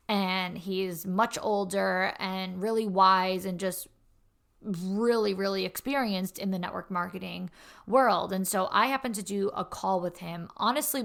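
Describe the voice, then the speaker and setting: A young woman hosts a podcast and tells a personal story in a casual monologue. Her voice has a gravelly, fry-tinged edge at a middle pitch. She talks earnestly and candidly, and she stumbles and restarts when she gets worked up. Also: a bit bright. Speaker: podcast host.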